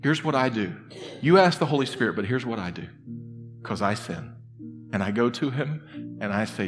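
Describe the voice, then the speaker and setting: Earnest preacher in a reverberant hall. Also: male voice, medium pitch, sing-song, normal speed. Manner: conversational, earnest, swings between soft confiding and loud emphatic bursts. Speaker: pastor. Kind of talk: sermon. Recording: long reverb in a hall with music underneath.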